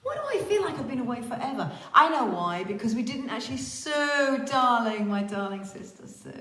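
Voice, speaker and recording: A woman's voice: a little high, very animated, fairly quick, pushed and bright. A woman hosting a casual livestream chat, theatrical and chatty, swearing freely. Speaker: livestream host. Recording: roomy echo.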